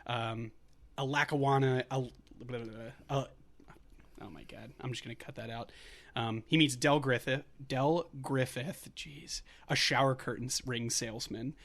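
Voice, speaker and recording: A man's voice: medium pitch, steady tone, normal speed, gravelly, a bit bright. A man co-hosting a movie podcast, recapping a film in a casual, rambling way, correcting himself and laughing often. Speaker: podcast co-host.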